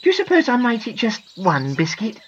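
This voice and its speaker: A woman's voice: on the high side, wildly swooping pitch, brisk, dull audio, a little hiss or hum, pitched above the performer's own voice. A woman voicing a stubborn, greedy little girl in a storybook reading, pleading and wilful.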